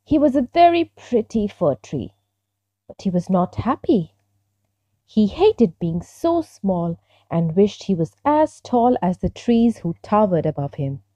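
A woman narrates a children's story in a gentle, expressive way. She speaks slowly with a mellow tone and a lively melody. The recording is dry and slightly dull, like lo-fi audio. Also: medium pitch, no room sound.

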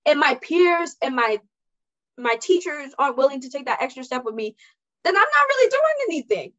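A young woman co-hosts a podcast, pressing her points and restarting sentences. Her voice sits high. The audio is dull and lo-fi. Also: big pitch swings, a little fast, a bit bright. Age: young adult. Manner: emphatic, stumbling restarts. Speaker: podcast host. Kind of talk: casual podcast chat.

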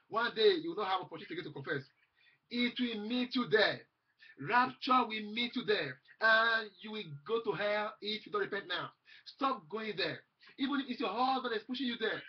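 Man preaching, fervent sermon, husky voice, dull lo-fi sound. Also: very high-pitched. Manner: fervent preaching, repeats phrases, reads and quotes scripture.

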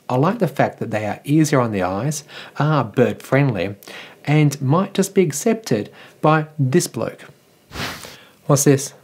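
A man's voice: mid-range voice, darkish tone, husky. An Australian man presenting tech news in a chatty, wry way, talking directly to his viewers. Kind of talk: casual news commentary.

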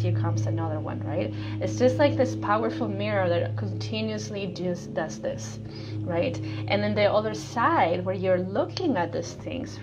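A woman giving a casual spiritual talk in a live stream, speaking intimately and at times softly near a whisper, with loose fillers and the odd swear word. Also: medium pitch, slight background noise. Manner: casual, swears, fillers like "you know" and "right". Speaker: spiritual teacher.

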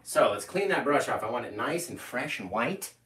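A man's voice: mid-range voice, expressive, normal speed, fairly bright tone, a little hiss or hum. A man teaching a live painting tutorial from his home studio, easygoing and playful, often laughing. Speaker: painting instructor. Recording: echoey room.

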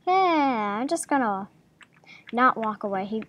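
A woman casually commenting on her own gameplay, talking to herself with jumpy reactions and soft murmured asides. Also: fairly high pitch, animated, measured pace, muffled recording. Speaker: gaming video creator.

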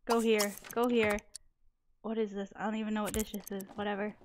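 A young woman giving excitable let's-play commentary as she urges her characters on. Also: mid-range voice, brisk. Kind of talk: casual gameplay commentary. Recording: noticeable background noise.

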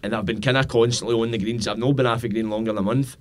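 A Scottish man hosting a podcast chat at a very fast pace. He talks in a matey, sweary way, full of local slang. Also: medium pitch, steady tone.

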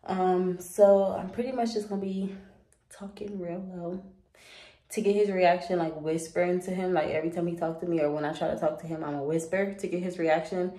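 A woman vlogger greeting her viewers, her voice mellow and dark. She talks casually in an echoey room. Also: fairly low pitch, steady tone. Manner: upbeat, quick greeting, then hushed while explaining. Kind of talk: casual vlog intro.

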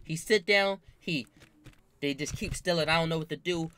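A young man with a very bright, fairly high voice. He tells a story casually and full of slang, acting out the voices of everyone in it. He is animated and talks with lots of energy. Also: moderate pace, smooth.

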